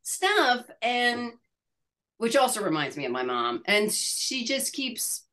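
A woman in her sixties, an actress being interviewed, telling a story in a halting way with many restarts and laughs. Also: on the high side, sing-song, fairly bright tone. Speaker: actress guest. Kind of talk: casual interview chat.

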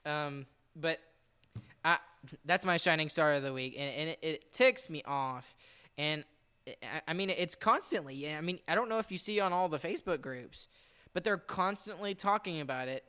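A man's voice: fairly high pitch, normal speed, sharp tone, clean tone. A man hosting a casual sports podcast, rambling and exasperated, laughing now and then as he talks. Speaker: podcast host. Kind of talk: casual chat.

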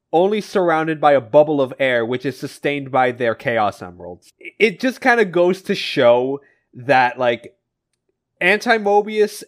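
Casual man recapping comics. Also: fairly high pitch. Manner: rambling storyteller, frequent fillers and restarts. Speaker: podcast host recapping comics. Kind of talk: casual chat.

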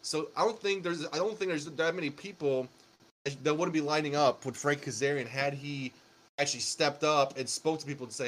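A man's voice: a little high, fairly even intonation, brisk, slight background noise. A young man chatting casually about wrestling, rambling and swearing, with many restarts and fillers. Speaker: podcast co-host. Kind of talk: casual wrestling recap chat.

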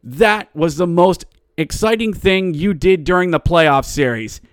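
A man's voice: high voice, a little slow, dry recording, clean studio sound. Sarcastic ranting male podcast host. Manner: mocking, ranting, rising to exasperated outbursts. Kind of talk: sarcastic solo sports commentary.

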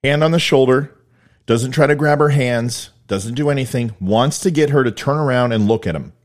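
A man's voice: mid-range voice, moderate pace. A man giving blunt, emphatic video commentary, explaining events step by step. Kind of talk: video commentary on police footage.

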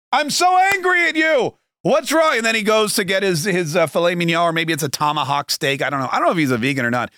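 A man's voice: high-pitched, pushed and bright, no echo, clean studio sound. A man hosting a podcast, delivering rambling, mocking political commentary that often corrects itself mid-sentence. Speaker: podcast host.

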